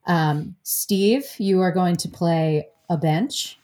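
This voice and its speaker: A woman's voice: fairly low pitch, slow pace, warm tone. A woman hosting a podcast in casual chat, giggly and rambling. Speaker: podcast host.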